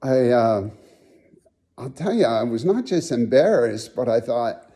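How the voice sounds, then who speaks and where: A man's voice: medium pitch, unhurried. A man telling funny stories about a late friend, acting out the voices in his anecdotes. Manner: folksy, animated storyteller acting out quotes. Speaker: friend giving a tribute. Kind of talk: storytelling tribute.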